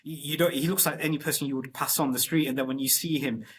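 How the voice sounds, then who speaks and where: A man's voice: medium pitch, steady tone, fast, slightly rough. A man hosting a casual interview, gushing with fan enthusiasm about favorite scenes. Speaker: interview host.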